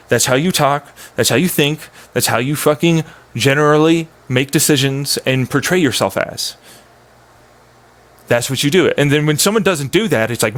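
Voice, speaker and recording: A man ranting in a casual, profane, rambling monologue as a streamer, often slipping into mocking voices. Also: mid-range voice.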